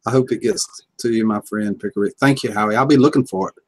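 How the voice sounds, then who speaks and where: A man's voice: fairly low pitch, quick pace, husky. A man joining a livestream, chatting in an easygoing, folksy way. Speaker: livestream participant. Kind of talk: casual chat.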